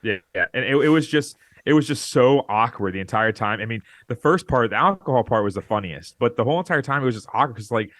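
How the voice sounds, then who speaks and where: A man co-hosting a podcast, telling a rambling, animated story in casual chat. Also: medium pitch, fast, few pauses, dry recording. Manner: rambling, animated, acts out quoted lines. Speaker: podcast co-host.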